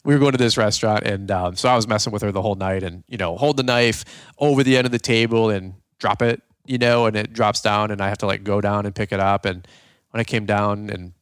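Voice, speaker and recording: Animated man telling a story. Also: lowish voice, fast talker, smooth, no room sound, studio quality. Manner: animated, jokey, acts out quoted voices. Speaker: podcast host. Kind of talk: casual storytelling.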